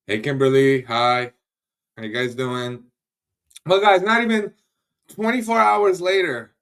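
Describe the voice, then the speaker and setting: A man with a mid-range, fairly bright voice hosts an easygoing livestream, chatting loosely and greeting viewers by name. He laughs easily and often lets sentences trail off before picking them back up.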